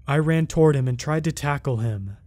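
A man narrating a first-person scary story in a steady, measured way. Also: a little high, soft background music.

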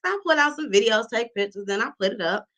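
A woman's voice: a little high, fast, rough recording. A woman comedian, telling a story on stage, talking to the audience as y'all and acting out the people in it. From South Side of Chicago. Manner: animated, addresses the audience as y'all, acts out characters.

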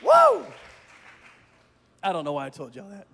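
A male pastor preaching a sermon, telling a story and building to shouted preaching. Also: on the high side, expressive, racing, some chatter behind. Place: church sanctuary. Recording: long reverb of a church hall.

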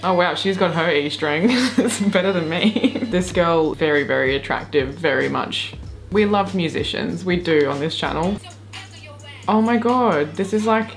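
A woman from far North Queensland with an Australian accent, reacting to clips in an excitable, sweary, giggly way. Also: lowish voice. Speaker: YouTuber reacting to videos. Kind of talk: casual reaction commentary.

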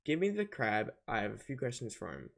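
A man's voice: medium pitch, huge pitch swings, a little fast, vocal fry, fairly bright tone, heavily acted. Man reading as a stern penguin spy chief. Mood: businesslike. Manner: plain read-aloud game dialogue. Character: serious penguin agency chief, male.

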